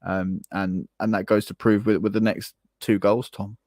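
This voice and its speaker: A man's voice: lowish voice, little pitch movement, normal speed, darkish tone, dry recording, studio quality. A man from England co-hosting a football podcast, giving opinions and often repeating words as he starts a sentence. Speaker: podcast co-host. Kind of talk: casual football podcast chat.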